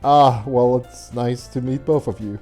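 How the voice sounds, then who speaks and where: A man's voice: mid-range voice, measured pace, dark tone, soft background music, natural voice. A man voicing a shy, mature schoolgirl who speaks politely and hesitantly.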